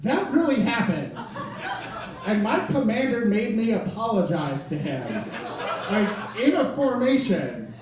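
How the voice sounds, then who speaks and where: A man's voice: high-pitched, sing-song, slow. A man in his thirties doing a self-deprecating, rambling stand-up set in a club, with laughter from the audience. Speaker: stand-up comedian. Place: comedy club stage. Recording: echoey club, mic from a distance, crowd.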